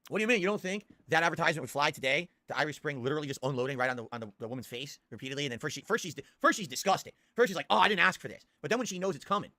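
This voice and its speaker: Male streamer, excitable and crude, bright forceful tone, rapid delivery. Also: a little high, no echo. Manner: crude, swearing, excitable, bursts into loud laughter. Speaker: live-stream host reacting to old ads. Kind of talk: casual live-stream commentary.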